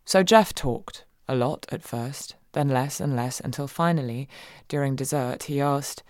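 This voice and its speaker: A woman reading a first-person audiobook in a wry, expressive way, swinging between giddy and hushed. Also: rumbling low, moderate pace, no room sound, clean studio sound. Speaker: audiobook narrator.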